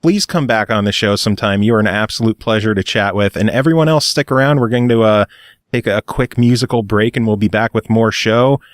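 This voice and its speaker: A man's voice: on the low side, fairly quick, dry recording, studio quality. A man hosting a podcast, wrapping up an interview in a teasing, upbeat way. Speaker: podcast host. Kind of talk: casual podcast chat.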